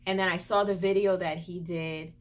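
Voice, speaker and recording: A woman vlogger telling a personal story in an emotional, animated way, stumbling over her words and turning into an indignant scolding rant. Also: on the low side, moderate pace. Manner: emotional, animated retelling with repeated stumbles and restarts. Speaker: beauty and gaming vlogger.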